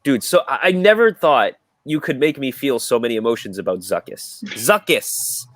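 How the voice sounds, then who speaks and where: A man co-hosting a podcast, chatting excitedly and jokingly about a comic book. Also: mid-range voice, normal speed, no echo. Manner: excitable, jokey, says "dude" a lot. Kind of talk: casual comic book discussion.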